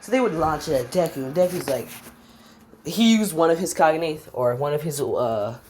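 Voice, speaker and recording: Woman, deep voice, improvised fan-story narration, rambling, filler-heavy, forgets names mid-sentence. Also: lively intonation, moderate pace, a little mellow, slight background noise.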